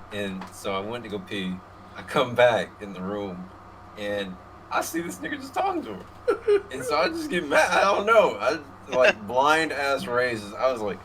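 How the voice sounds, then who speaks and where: A young man co-hosting a podcast, telling a story casually, laughing and swearing, moving from mutters to shouts. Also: mid-range voice. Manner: laughing, profane, swings from mumbling to shouting. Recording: noise in the background.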